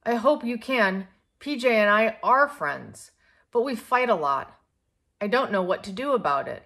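Lady reading as a little girl, high and whiny, storybook voice. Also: expressive, unhurried, bright, forceful tone, full character voice. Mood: sad. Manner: high, pleading and indignant. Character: upset little girl, quick to quarrel.

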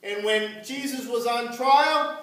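A man preaching as pastor, telling the story slowly and asking his congregation questions. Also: very high voice, fairly bright tone. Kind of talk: sermon. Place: church. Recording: echoey church from far off.

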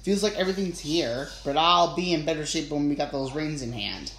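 A narrator voicing a hyper, fast-talking young male blue hedgehog in an audiobook reading, recorded in a roomy space. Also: mid-range voice, natural voice. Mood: chirpy. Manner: excited, shouty. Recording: roomy with faint ambience.

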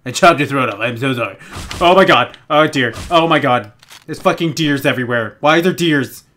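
A young man giving excitable, rambling let's play commentary, swearing constantly and getting jittery as he plays. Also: medium pitch, fairly quick, slight background noise. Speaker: gaming YouTuber.

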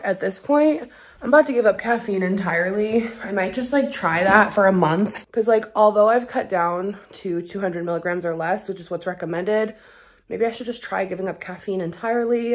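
A young woman casually vlogging at home to camera, chatty and giggly, full of "like" and "um". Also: mid-range voice. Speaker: lifestyle vlogger. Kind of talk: casual vlog chat to camera. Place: at home, bedroom.

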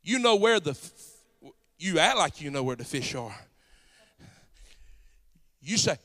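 A man with a Southern accent from South Georgia preaching a sermon as pastor, folksy and conversational, building up to shouted passages. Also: sits high, big pitch swings, normal speed, long pauses.

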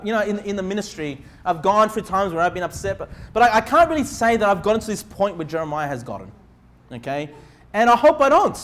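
A man's voice: high voice, fairly bright tone. A male pastor preaching a sermon in an earnest way, often checking in with the congregation by asking "okay?".

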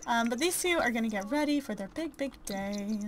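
Chatty higher-voiced woman narrating gameplay. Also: expressive, brisk, a little hiss or hum. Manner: chatty and self-deprecating, with many fillers and giggles. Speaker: gameplay commentator. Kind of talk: casual let's-play commentary.

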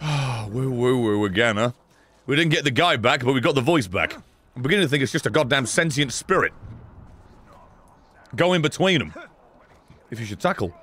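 A man doing gameplay commentary, loud and sarcastic, swearing and shouting at the game. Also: medium pitch, expressive, brisk, pauses often. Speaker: gaming streamer.

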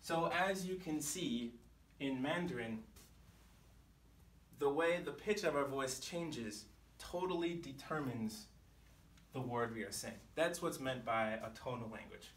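A man, teaching a language lesson to camera in a clear, patient way, sometimes sounding out syllables at different pitches. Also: measured pace, pauses often, slight background noise. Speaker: Chinese teacher. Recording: echoey room, mic some distance off.

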